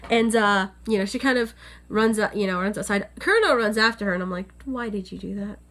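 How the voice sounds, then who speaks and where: A woman's voice: mid-range voice, lively intonation, quick pace, a bit bright. A young woman casually recapping an anime episode on camera, chatty and full of fillers. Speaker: anime reviewer. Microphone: on-camera setup.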